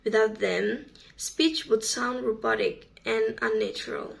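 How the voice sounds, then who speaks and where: A woman student reading a class presentation on sound rules, slow and careful. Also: a little high, wildly swooping pitch, vocal fry, poor audio.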